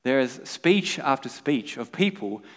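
A man's voice: medium pitch, lively intonation, unhurried, in a large hall. A man preaching a sermon as pastor, earnest and emphatic, asking his listeners rhetorical questions.

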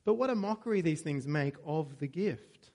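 A man's voice: on the high side, animated, moderate pace, a little mellow. Joking man preaching a sermon. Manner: conversational, with joking asides and self-corrections.

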